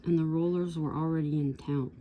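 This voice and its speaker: Woman in her 60s, vlogger, mellow low voice, rambling storyteller, faint noise behind. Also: steady tone, a little fast, lo-fi sound. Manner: rambling, digressive, with asides to viewers. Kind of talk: casual storytelling.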